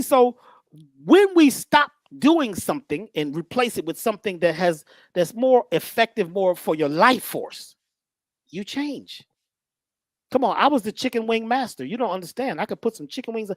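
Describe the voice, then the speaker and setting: A woman giving a casual, storytelling lecture, with a lively voice that rises and falls widely. She talks to the listener directly and slips into funny character voices. The sound is dry and close. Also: medium pitch, normal speed, dry recording. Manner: conversational, animated, acts out voices.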